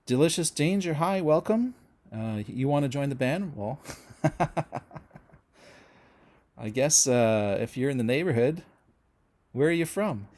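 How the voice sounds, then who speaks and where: A man's voice: medium pitch, expressive, unhurried, pauses often, darkish tone. A middle-aged Canadian man hosting a casual music-channel livestream, chatting with viewers and rambling through their comments with lots of fillers and restarts.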